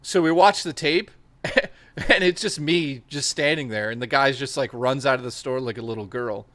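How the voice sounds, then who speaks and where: A man's voice: medium pitch, moderate pace, fairly bright tone, dry recording. A man hosting a stream, telling rambling, profane anecdotes in casual chat and acting out the quotes. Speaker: stream host.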